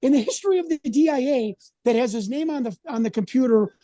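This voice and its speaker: Agitated man with a dark, dry voice. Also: very high-pitched, lively intonation, fast talker, no echo. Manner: agitated, rambling, indignant. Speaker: independent researcher, guest. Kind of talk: casual interview conversation.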